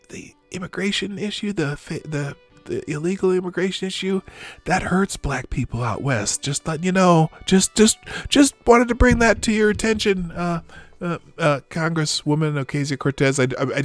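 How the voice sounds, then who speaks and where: A man's voice: a little high, dry recording. A man hosting a live stream, reacting to a clip with sarcastic, mocking comments and frequent laughter.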